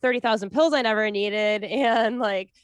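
A woman in her thirties with a smooth, resonant voice talks in a relaxed, earnest way about spiritual ideas. She rambles and breaks off sentences to start again. The sound is dry and close. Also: mid-range voice, normal speed, dry recording. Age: 30s. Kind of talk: casual chat.

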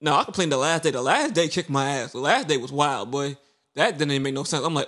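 Podcast co-host, young man, slangy and playful, fairly high-pitched. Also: quick pace. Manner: animated, joking, slangy. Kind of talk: casual chat.

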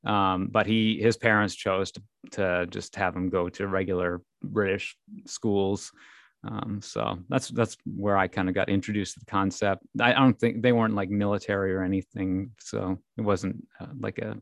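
A man with a deep voice and a light Minnesotan accent, chatting on a podcast. His sound is dry and close, and he often stops with ums and restarts his sentences. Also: little pitch movement, normal speed, vocal fry, no echo. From Minnesota, USA. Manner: hesitant, many ums and restarts. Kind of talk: casual chat.

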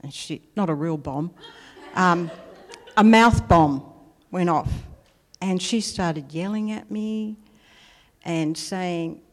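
A woman's voice: on the low side, slow, pauses often. An Australian woman giving a personal testimony sermon, telling anecdotes in a chatty way and laughing at herself. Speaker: preacher. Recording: long hall reverb.

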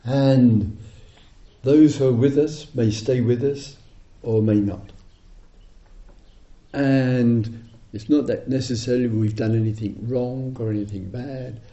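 A middle-aged man giving a dharma talk as a meditation teacher, telling stories in an animated way and chuckling often. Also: mid-range voice, slow pace. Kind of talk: dharma talk to retreat audience. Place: retreat hall. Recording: roomy, slightly dull hall recording.

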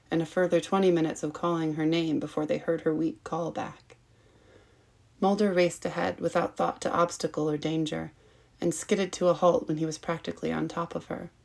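A woman narrating a story in a measured, even reading voice. Her tone sits low with a gravelly edge and stays quite flat in pitch, giving a calm, steady delivery. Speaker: story reader. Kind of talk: fanfiction audiobook narration.

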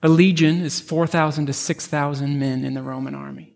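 A pastor preaching a narrative sermon, telling a vivid second-person story with frequent restarts. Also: male voice, a little high, steady tone, fairly quick, vocal fry, a little mellow.

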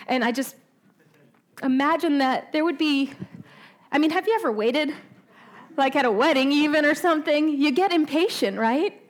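A woman preaching a sermon in a conversational way, asking her listeners questions and often tagging "right?", slowing down on key points. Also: high voice. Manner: slows down for emphasis.

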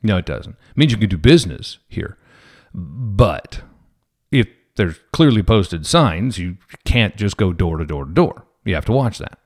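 A man's voice: fairly low pitch, a little slow. A man who is a police officer, telling a story to viewers in a casual way and acting out the people in it. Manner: animated, acts out quoted people.

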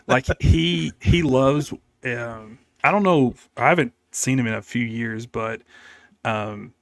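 A man's voice: medium pitch, slow pace, a bit bright, dry recording, studio quality. A young man, co-host of a gaming podcast, telling a story in casual chat and laughing often.

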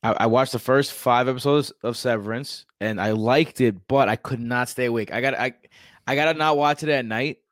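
A man's voice: medium pitch, brisk, no room sound, clean studio sound. Slangy, laid-back male podcast co-host. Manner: slangy, loose and rambling. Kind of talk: casual chat.

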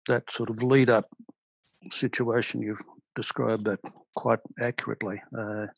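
An older man, a retired army officer speaking as a podcast guest, explaining in a measured, storytelling way. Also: medium pitch, flat delivery, creaky, husky, dry recording, dull audio. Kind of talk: podcast interview.

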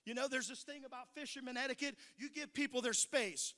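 A middle-aged pastor preaches a sermon in a strikingly high voice. His tone is bright and forceful. He moves from easy storytelling to loud, shouted preaching. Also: a little fast, long reverb tail.

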